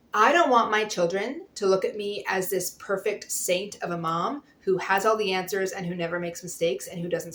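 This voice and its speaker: Candid homeschool mom in an echoey room. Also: female voice, mid-range voice. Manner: earnest, candid, laughs easily. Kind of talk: encouraging talk to camera.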